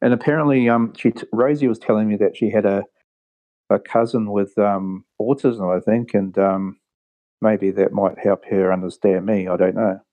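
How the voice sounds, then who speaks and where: A man's voice: fairly low pitch, steady tone, moderate pace, dark tone. A man with an accent that sounds a bit British, a guest on a podcast, talking hesitantly with many ums and restarts. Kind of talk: casual podcast chat.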